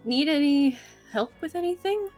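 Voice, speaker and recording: A woman's voice: high voice, expressive, moderate pace, darkish tone, faint music behind. A woman playing a tabletop game, talking casually with light amusement. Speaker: player. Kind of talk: tabletop role-play.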